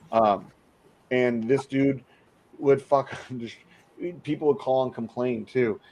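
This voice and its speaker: A man of middle pitch telling crude work stories on a relaxed podcast, swearing freely. He keeps jumping into high, exaggerated voices to mimic the people in them. A faint noise hangs under the talk. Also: slow. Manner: profane storytelling, mimicking people in raised voices. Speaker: podcast host. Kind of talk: crude casual chat.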